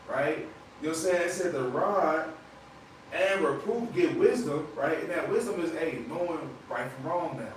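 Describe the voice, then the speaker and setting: A man's voice: a little high, normal speed, a little hiss or hum. A young man teaching a small Bible study group in a loose, conversational way, often tagging his points with "man" and "right?". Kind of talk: casual Bible study talk. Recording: echoey room from far off.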